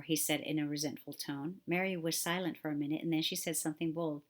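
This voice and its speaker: A woman reading a children's novel aloud in a gentle, expressive storytelling manner. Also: low-pitched, fairly quick, hardly any pauses. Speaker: children's book reader.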